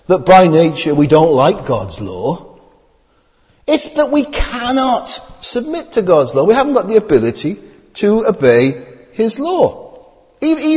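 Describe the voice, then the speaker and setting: A man preaching a sermon, asking his listeners many rhetorical questions as his voice rises and falls. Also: sits high. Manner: rhetorical questions, lively rising and falling delivery. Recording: long hall reverb.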